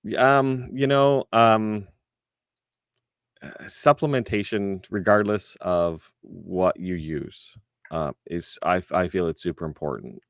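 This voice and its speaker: Low-voiced earnest man guest. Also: creaky, no room sound, clean studio sound. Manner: earnest, measured, with filler hesitations. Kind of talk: interview conversation.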